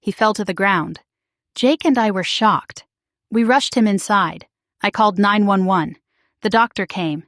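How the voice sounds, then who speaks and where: A woman reads a story aloud in short, even, clearly spoken sentences, at an unhurried pace for learners. Her voice sits at an ordinary mid pitch. The sound is dry and close, with no room around it. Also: no echo. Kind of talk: slow, clear first-person story reading.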